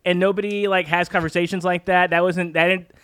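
A man's voice: high voice, flat delivery, fairly quick, fairly bright tone, clean tone, no echo. A man in casual comedy banter, laid-back and rambling, often correcting himself mid-sentence. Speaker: improv player.

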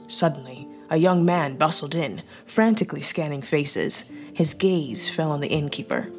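A woman narrating an audiobook chapter in a measured storytelling manner. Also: sits low. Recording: faint music bed.

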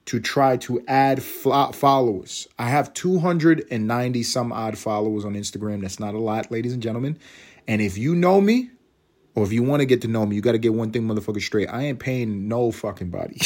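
Rambling, profane man with a low voice. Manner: rambling, profane, self-mocking with bursts of laughter. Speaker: podcast host. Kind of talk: casual solo podcast monologue.

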